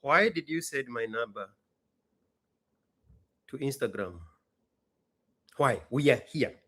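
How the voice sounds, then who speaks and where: A man's voice: mid-range voice, expressive, slow pace, fairly bright tone. A man with a Kenyan accent hosting a show, ranting in exasperated, mocking rhetorical questions. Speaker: host. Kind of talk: ranting commentary.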